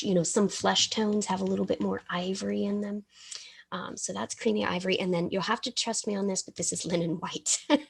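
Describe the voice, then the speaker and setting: A woman from the American South leads a live miniature painting class in a chatty, rambling way. Her voice is husky and breathy, with a gravelly edge. She often breaks off mid-sentence and sometimes mumbles around a brush held in her mouth. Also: mid-range voice, darkish tone.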